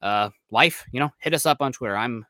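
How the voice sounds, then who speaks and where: A man's voice: medium pitch, fairly quick, bright, forceful tone, no echo, clean studio sound. A man co-hosting a casual sports podcast, talking in a rambling, upbeat way with plenty of fillers. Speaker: podcast co-host.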